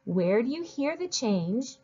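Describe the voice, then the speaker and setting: A woman teaching children to read, sounding out each word slowly and clearly and cheering them on. Her pace is unhurried, and the recording is a bit dull and lo-fi. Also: on the high side, sing-song, a little mellow. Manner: slow, clear, encouraging, models each sound. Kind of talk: phonics lesson for children.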